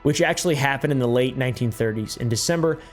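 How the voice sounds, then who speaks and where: A man's voice: medium pitch, quick pace, faint music behind. A young man hosting a comedic commentary video, sarcastic with frequent joking asides. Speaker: host.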